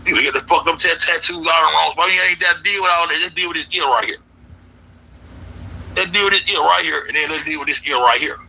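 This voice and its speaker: A man's voice: a little high, fast talker, creaky, pushed and bright, breathy edge, rough recording. A man ranting in a casual, profane, rambling way, repeating himself as an internet commentator. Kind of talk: casual conspiracy rant.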